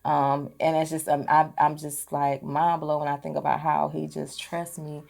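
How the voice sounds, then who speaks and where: Interview guest: woman, low gravelly voice, animated chatty storyteller, faint music under. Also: normal speed. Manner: animated storytelling, frequent "you know what I'm saying". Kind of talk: casual faith testimony.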